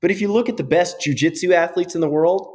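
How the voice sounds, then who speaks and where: Energetic man explaining breathing. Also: high-pitched, fast talker. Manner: energetic, keeps tagging points with "right?". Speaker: guest, breathing physiotherapist. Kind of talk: casual podcast interview, explaining.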